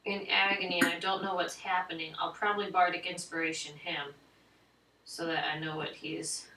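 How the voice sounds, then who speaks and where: A woman player talks through her turn in a tabletop game, tentative and thinking aloud. Her voice is bright and sharp and sits somewhat back from the microphone. A faint hiss runs beneath it. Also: lowish voice, little pitch movement, moderate pace, roomy sound, recorded from a distance, poor audio. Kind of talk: casual tabletop game talk.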